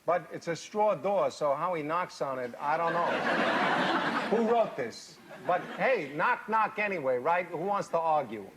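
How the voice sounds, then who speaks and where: A man giving a comic fairy-tale reading to a live audience, deadpan, with odd pauses and dry asides. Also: fairly high pitch, very noisy. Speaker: storyteller. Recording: live stage reading, loud audience laughter.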